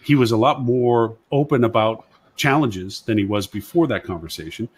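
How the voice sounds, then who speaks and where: An agency consultant sits on a live web panel show as a panelist, chatting casually and rambling, often repeating himself and retelling conversations. He has a mid-range voice with a breathy edge, at a moderate pace.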